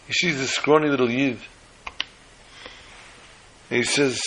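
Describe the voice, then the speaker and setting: A man telling a story aloud, acting out the characters' lines with a raised, excited voice. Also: mid-range voice, unhurried, pauses often, slight background noise, poor audio. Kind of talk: animated oral storytelling.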